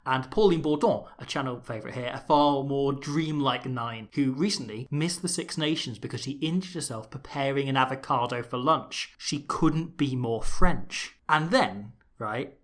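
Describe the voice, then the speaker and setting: A man hosting a scripted rugby analysis video, wry and jokey, with sarcastic asides and bursts of excited emphasis. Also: a little high. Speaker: rugby analysis channel host.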